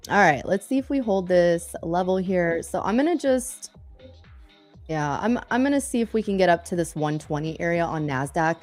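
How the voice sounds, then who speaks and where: A young woman co-hosting a live trading stream, chatting casually and telling animated stories with frequent laughter while she trades. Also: lowish voice, moderate pace, faint music behind.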